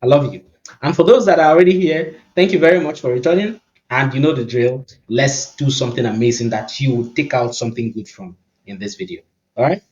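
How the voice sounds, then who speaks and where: A man's voice: mid-range voice, brisk, a little mellow, muffled recording. A man from Nigeria with a Nigerian accent, talking casually and upbeat through a tech tutorial as he thinks aloud. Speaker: tech YouTuber. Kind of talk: casual screen-recording tutorial.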